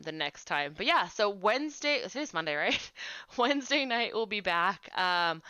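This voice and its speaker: Here a game streamer in her late twenties swaps stories with her audience, leaning constantly on the filler "like." She speaks in a lowish, sharp, resonant voice that comes through clear and free of echo.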